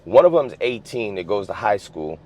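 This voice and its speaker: A man's voice: fairly low pitch, big pitch swings, normal speed, mellow. A man from the US West Coast telling a story in casual, streetwise slang, swearing freely and filling with "you know what I'm saying". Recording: dull lo-fi sound.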